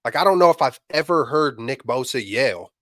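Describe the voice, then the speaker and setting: Male co-host, mid pitch, slangy casual delivery, dry recording. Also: expressive, normal speed, a bit bright, no echo. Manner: loose, slangy, repeats himself. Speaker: podcast co-host. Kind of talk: casual sports chat.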